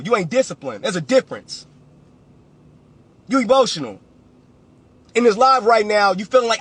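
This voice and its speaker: A man's voice: sits high, lively intonation, normal speed, pauses often, a bit bright, slightly rough. A man, a real estate coach giving a blunt, preachy motivational talk on a livestream and repeating phrases for emphasis.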